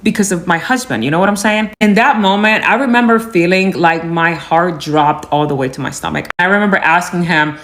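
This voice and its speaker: Lower-pitched woman telling a personal story. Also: fairly quick, hardly any pauses, fairly bright tone. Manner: candid, filler-heavy, reenacts dialogue.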